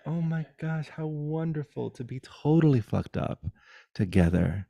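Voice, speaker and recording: Man, middle-aged, guided spiritual talk, expressive, loud then hushed, playful swearing, gravelly, warm-toned. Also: on the high side, unhurried, dry recording. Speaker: spiritual teacher. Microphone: video call.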